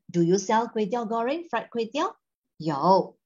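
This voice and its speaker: A woman's voice: mid-range voice, expressive, unhurried, slightly rough. A woman with a Malaysian accent teaching a Mandarin lesson, mixing English and Mandarin and explaining words step by step. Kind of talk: language lesson. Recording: dull lo-fi sound.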